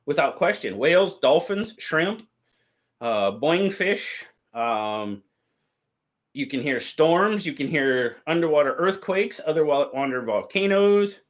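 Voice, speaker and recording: A man hosting a livestream, telling stories in a casual, drawn-out way and reading out chat. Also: fairly high pitch, animated. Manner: drawn-out, easygoing storytelling with quoted voices. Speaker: livestream host. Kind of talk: casual storytelling to live chat.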